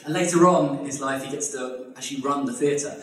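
A man telling a comic history story live, animated and exaggerated, with casual swearing. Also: medium pitch, fairly quick. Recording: echoey room, distant mic.

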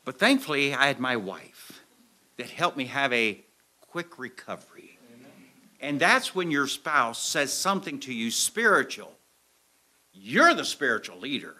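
A bright, animated preacher tells a storytelling sermon at medium pitch and an unhurried pace, acting out the scenes. He speaks in a church sanctuary before an audience, whose laughter can be heard.

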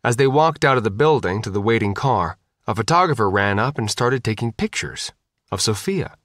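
Expressive male audiobook narrator. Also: fairly low pitch, normal speed, dry recording, studio quality.

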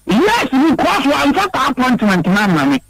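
Very high-pitched emphatic Ghanaian man. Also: wildly swooping pitch, normal speed, creaky, fairly bright tone, a little hiss or hum, low-quality recording. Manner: emphatic, repeats phrases, stammers when worked up. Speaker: regional party chairman. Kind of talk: heated interview answers.

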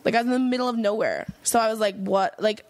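Candid young woman, fairly high voice. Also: fast, dry recording. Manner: candid, rambling, lots of fillers. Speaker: podcast guest. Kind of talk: casual conversation.

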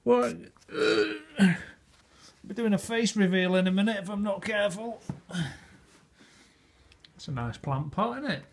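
A man's voice: sits high, moderate pace, pauses often. A man filming a casual home vlog, talking fondly to his new puppies in doting baby talk and chuckling often. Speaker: vlogger. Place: at home indoors.

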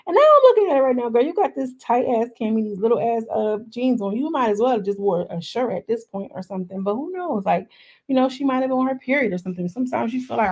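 A woman's voice: a little high, animated, fast. A young woman, recapping a reality show in casual, gossipy commentary, talking straight to her viewers.

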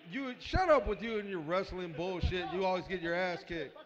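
A man's voice: high voice, expressive, fairly quick, music in the background. A man improvising a profane roast in a pub, heckling the guests with crude insults. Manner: crude, trash-talking, heckles the crowd. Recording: echoey, dull-sounding hall recording.

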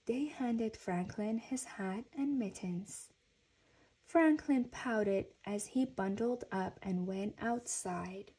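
A woman reading a children's storybook aloud in a gentle, even storytelling manner. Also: medium pitch, slow pace, breathy edge, low-quality recording. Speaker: reader.

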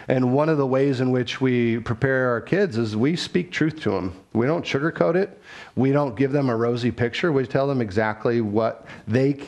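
Male pastor, relaxed sermon delivery, earnest, conversational, good for storytelling. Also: medium pitch.

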